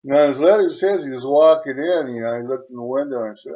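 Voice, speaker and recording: A man hosting his channel, retelling a viewer's letter in a rambling way, chuckling often and filling pauses with "uh.". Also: medium pitch, dark tone, highs cut off. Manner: rambling, chuckling, frequent fillers. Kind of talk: casual storytelling.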